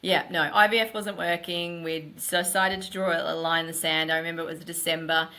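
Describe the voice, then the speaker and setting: Woman, middle-aged, podcast guest, lower voice with a forceful edge, animated storytelling. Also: a little fast. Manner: animated, emphatic, runs thoughts together. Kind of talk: candid storytelling.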